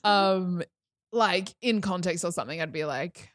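A woman's voice: on the low side, measured pace, no room sound, clean studio sound. A young woman telling a personal story in a casual chat, acting out the lines she quotes. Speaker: guest.

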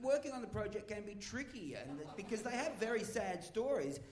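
Middle-aged male comic, high and lively, blunt and sweary, roomy live stage echo. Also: a little fast. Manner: blunt, swearing, laughing interjections. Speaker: comedian guest. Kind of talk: live comedic chat. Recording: echoey live theater stage.

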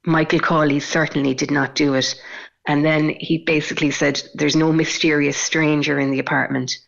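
Flat-voiced woman reporting. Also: deep voice, moderate pace, gravelly, lo-fi sound. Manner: steady recounting with frequent ums. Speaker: court reporter. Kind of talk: live radio report.

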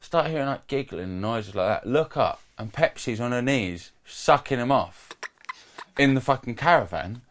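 A young man spins a crude story for his mates, his voice rising and falling a lot as he acts out the people he quotes. His pitch sits in the middle for a man, and he talks loosely and casually, swearing freely. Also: animated, moderate pace, fairly bright tone, a little hiss or hum. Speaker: podcast regular telling a story. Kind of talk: casual storytelling among friends.

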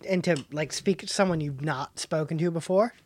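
Male co-host, high voice, deadpan and halting, dry sound. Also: no room sound. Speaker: podcast co-host. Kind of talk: casual chat.

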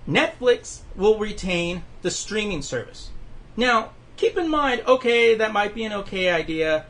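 A man's voice: sits high, animated, a little slow, fairly bright tone. A man hosting a casual podcast chat, rambling with lots of fillers and restarts. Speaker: podcast host.

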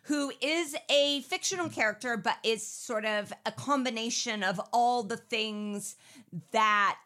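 A woman's voice: fairly high pitch, measured pace. A woman co-hosting a podcast, chatting casually and animatedly as she recaps a film. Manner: chatty, animated, says "like" a lot. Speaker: podcast co-host.

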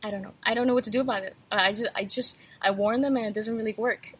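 A woman's voice: a little high, steady tone, fast, fairly bright tone, a little hiss or hum, poor audio. A woman podcast host in a casual, blunt rant, speaking candidly and laughing easily, a little feverish. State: slightly feverish.

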